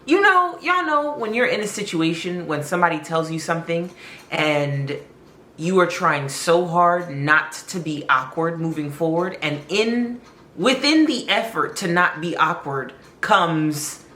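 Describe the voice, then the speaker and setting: A woman telling a personal story in a chatty, expressive vlog style, leaning hard on words for emphasis. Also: lowish voice, measured pace, long pauses, echoey room, a little hiss or hum.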